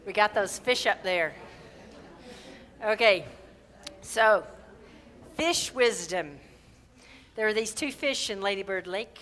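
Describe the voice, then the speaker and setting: A woman minister giving a conversational sermon at a church service. She keeps checking in with listeners with "right?" and leads slow, drawn-out group affirmations. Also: medium pitch, expressive, fairly bright tone.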